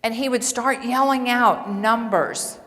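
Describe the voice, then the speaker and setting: A woman nursing assistant and coach giving an earnest, animated storytelling speech to a large audience. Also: fairly high pitch, takes it slowly. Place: large hall before several hundred people. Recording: long reverb of a large hall.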